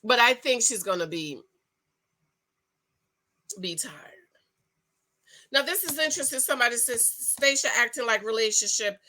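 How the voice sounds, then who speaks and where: A woman giving sassy, animated commentary on a reality show, with features and lots of restarts. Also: fairly high pitch, moderate pace, pauses often. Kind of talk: casual opinion review.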